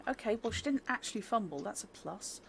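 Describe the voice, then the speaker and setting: A woman's voice: mid-range voice, expressive, fairly quick, vocal fry, a little hiss or hum. A woman narrating a tabletop game as game master, chatty, with many fillers and laughs.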